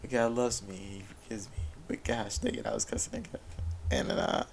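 A man's voice: lowish voice, huge pitch swings, brisk, vocal fry, slight background noise, low-quality recording. A man telling a personal story of faith and struggle in an earnest, confessional way, with many restarts. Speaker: father sharing a personal story. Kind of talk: candid personal talk about faith.

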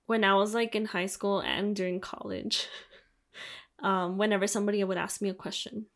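A woman's voice: medium pitch, steady tone, moderate pace. Candid young woman chatting casually. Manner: candid, swears freely, laughs often. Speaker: podcast co-host. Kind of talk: casual chat.

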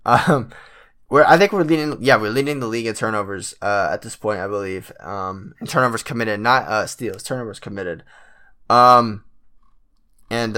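A man with a bright, forceful voice rants casually about his basketball team. He rambles through filler words and slang, swears freely, and keeps climbing into loud, exasperated outbursts. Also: mid-range voice. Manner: rambling and profane, gets worked up and loud. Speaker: sports fan vlogger. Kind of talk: casual basketball fan rant.

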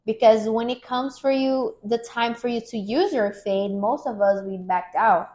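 A woman's voice: on the high side, a little slow, darkish tone. A woman hosting a faith podcast, telling an emotional personal testimony in an earnest way with many fillers. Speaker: podcast host.

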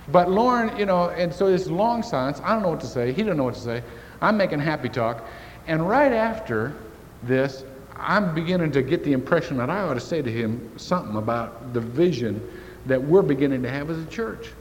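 A man preaching a sermon as pastor, telling a folksy story to make his point. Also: fairly quick. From Indiana. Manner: folksy storytelling with lively shifts in pitch. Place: church sanctuary. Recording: church hall reverb, faint hiss.

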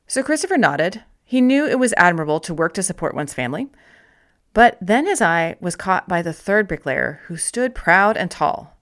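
A woman narrating a self-help audiobook in a gentle, encouraging way, with slow, deliberate emphasis on key words. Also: lowish voice, sing-song.

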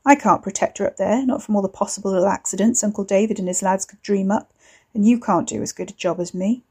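A woman putting on a cocky young man, smug, mocking drawl, mellow tone. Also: medium pitch, fast, husky, natural voice. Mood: taunting.

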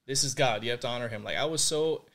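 Speaking fast in a mid-range, fairly bright voice, a young man raised in Puerto Rico talks as a podcast guest about his faith journey. He's earnest and reflective in this candid interview, leaning heavily on "like" and "you know."

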